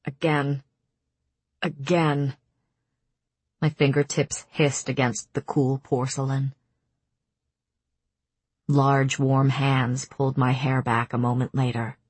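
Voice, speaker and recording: Brief: low-voiced woman, unhurried, intimate narration for a fantasy audiobook. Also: level tone, breathy edge, no echo. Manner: measured, intimate storytelling. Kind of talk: first-person audiobook narration.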